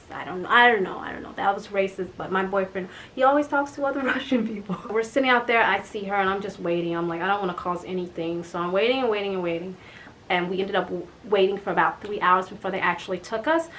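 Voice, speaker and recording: A young woman vlogger telling a story in casual chat, animated and exasperated, with lots of "like" and mild swearing. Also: medium pitch, slight background noise.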